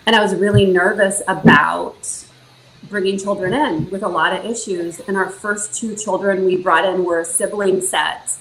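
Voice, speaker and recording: A woman's voice: medium pitch, fairly even intonation, moderate pace, a bit bright, a little hiss or hum. Earnest woman telling her story, echoey room. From Northern California, USA. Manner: earnest storytelling, many fillers and restarts. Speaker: foster parent guest. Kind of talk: casual podcast interview.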